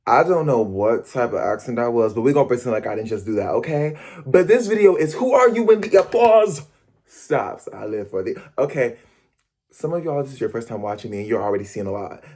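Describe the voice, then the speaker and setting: A man vlogging in a casual chat to the camera, animated and playful, breaking off mid-thought and talking straight to his viewers. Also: medium pitch. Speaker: vlogger and performer.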